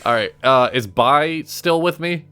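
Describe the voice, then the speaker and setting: A man's voice: a little high, a little slow, bright, forceful tone, clean tone, faint music behind. A man chatting casually as a player in a tabletop game.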